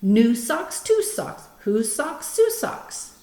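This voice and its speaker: A woman's voice: fairly high pitch, sing-song, slow, noisy background, voice pushed up. A woman reading the part of a playful male fox in a storybook, in a bouncy, teasing sing-song. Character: playful male fox showing off tongue twisters. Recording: roomy echo.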